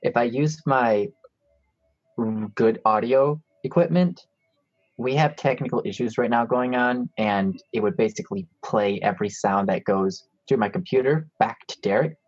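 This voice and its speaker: A man's voice: mid-range voice, moderate pace, no room sound, highs cut off. Playful man on a cheap dry mic. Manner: joking, playful, apologetic asides. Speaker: livestream co-host. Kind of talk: casual advice chat. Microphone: cheap low-quality mic.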